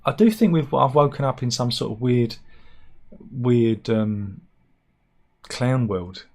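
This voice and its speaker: A man's voice: mid-range voice, slow pace, darkish tone. A man giving rambling, sarcastic comic commentary on news stories, with mock-serious asides. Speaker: satirical news vlogger.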